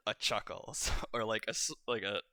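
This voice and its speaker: Game master, male, animated and laughing; smooth voice, dry sound. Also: on the low side, brisk, dry recording. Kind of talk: narrating a tabletop game.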